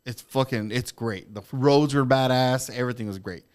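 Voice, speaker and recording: A man on a podcast telling a story in casual, profane, animated talk with frequent laughs. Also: medium pitch, normal speed. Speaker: podcast guest.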